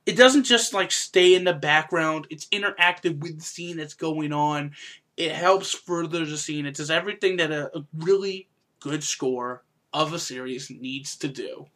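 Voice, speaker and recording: A man hosting a casual podcast review, chatty and quick to laugh, sometimes breaking into loud silly impressions. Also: on the high side. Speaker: podcast host reviewing an anime.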